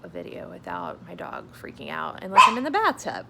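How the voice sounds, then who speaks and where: A young woman vlogs casually from home in a gravelly mid-range voice whose pitch swoops wildly, talking fairly quickly. She's candid and chatty, heavy on fillers, sometimes whispering, and the recording is very noisy.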